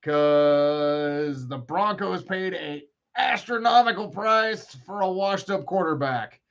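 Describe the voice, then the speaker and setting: A man's voice: sits high, slow pace, a bit bright, dull audio. A man hosting a casual live-stream podcast, rambling and trash-talking with lots of swearing and jokes. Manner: profane, joking, rambling trash talk. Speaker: podcast host.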